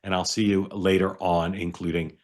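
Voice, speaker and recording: A middle-aged man hosting a political talk show, wrapping up with announcements and pausing often on "uh". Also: deep voice, little pitch movement. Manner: halting, many "uh" fillers. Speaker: host.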